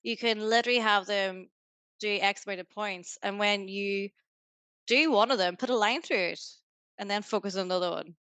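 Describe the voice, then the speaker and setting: A Northern Irish woman chats as a podcast guest, upbeat and motivational, rambling along with plenty of "like"s. Her voice is smooth and resonant, and it is recorded close and dry with no room sound. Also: medium pitch, moderate pace, fairly bright tone, no room sound. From Northern Ireland. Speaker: guest, business founder. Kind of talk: casual podcast interview.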